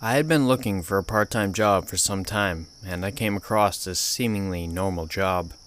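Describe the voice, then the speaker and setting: A man narrating a horror story in a measured, grim storytelling manner. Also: low-pitched, a bit bright, a little hiss or hum. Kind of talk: scripted narration.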